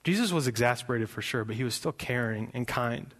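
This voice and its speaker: A man's voice: medium pitch, lively intonation, fairly quick, hardly any pauses. Young male pastor, passionate sermon delivery with rising emphatic peaks. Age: young adult. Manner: impassioned, building to loud emphatic peaks.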